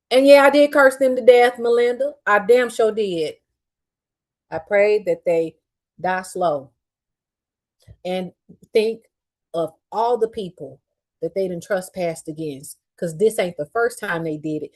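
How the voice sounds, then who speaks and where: A middle-aged woman hosting a podcast, telling a personal story in a candid, profane and heated way, upset after a day of crying. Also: mid-range voice. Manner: candid, profane and heated, swinging between quiet fuming and loud outbursts. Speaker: podcast host.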